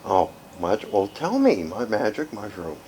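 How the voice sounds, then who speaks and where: A man's voice: on the low side, very animated, a little slow, mellow, a little hiss or hum. A man interviewing a guest in casual chat, mostly with short reactions and laughs.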